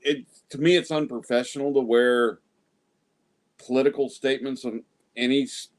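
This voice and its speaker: A man chatting casually on a stream, telling his story in a halting way and stumbling over his words. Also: mid-range voice, steady tone. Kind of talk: casual chat.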